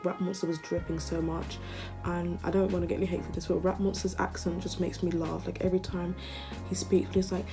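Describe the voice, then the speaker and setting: A woman vlogger chatting casually and gushing like an excited fan. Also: mid-range voice. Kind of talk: casual chat.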